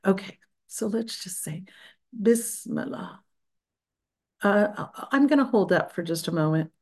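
A woman leading a group practice on a video call, speaking in a gentle, unhurried and encouraging way. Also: medium pitch, lively intonation. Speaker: spiritual practice leader. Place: Florida.

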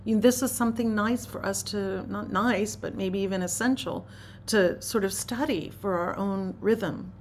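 A woman giving an unhurried, meditative spiritual talk, musing aloud and often dropping to a hushed near-whisper. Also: mid-range voice, slight background noise. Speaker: spiritual teacher.

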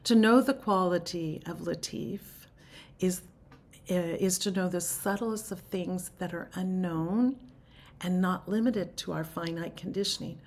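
Female spiritual teacher, low and gravelly, unhurried meditative delivery that drops to a hush. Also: slight background noise. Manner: unhurried, musing, often trails into a hushed near-whisper.

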